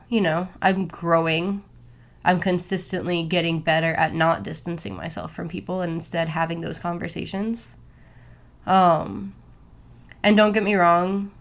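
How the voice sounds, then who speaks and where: A young adult woman hosting her own podcast, talking candidly in a rambling, casual way with lots of filler words. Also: on the low side. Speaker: podcast host. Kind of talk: casual solo podcast talk.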